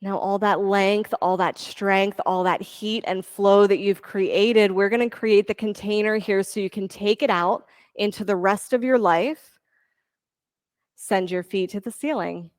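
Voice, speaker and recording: A woman teaching a yoga class, giving steady counting cues and encouraging her students. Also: mid-range voice, measured pace, dry recording, clean studio sound. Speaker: yoga instructor. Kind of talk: leading a live yoga class.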